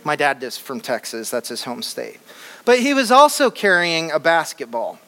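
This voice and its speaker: A man from Flint, Michigan, telling an animated and humorous personal story to a live audience in a large hall. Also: fairly high pitch, normal speed. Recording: long hall reverb.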